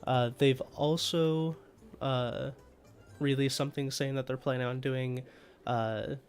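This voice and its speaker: A man's voice: mid-range voice, steady tone, slow, faint music behind. A man with a stuffy voice from a cold, hosting as game master and rambling through announcements with many fillers. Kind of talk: casual tabletop game chat.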